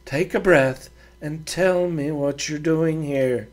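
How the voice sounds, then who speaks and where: A man's voice: fairly high pitch, slow. A man voicing a work-hardened frontier ranch wife who talks bluntly and threateningly in a rural drawl. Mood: firm.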